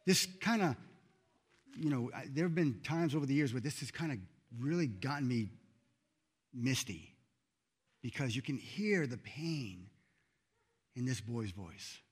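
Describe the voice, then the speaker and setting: A man preaching a sermon in a church, earnest and emphatic, rising loud then dropping soft. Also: mid-range voice, animated, unhurried, long pauses, slightly rough. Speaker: pastor.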